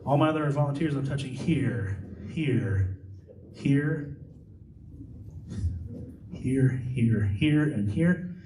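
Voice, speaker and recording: A man from Iowa working as a stage hypnotist, giving calm, repetitive suggestions to volunteers in a live show. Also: mid-range voice, slow pace, long pauses, background noise. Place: large indoor hall, school party. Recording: echoey hall from far off with music.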